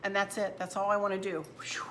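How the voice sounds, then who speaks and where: Chatty woman with a bright voice. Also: mid-range voice, level tone, fast, a little hiss or hum. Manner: chatty, homey, addresses viewers as y'all. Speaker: home decor channel host. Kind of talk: casual crafting demonstration. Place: at home, indoors.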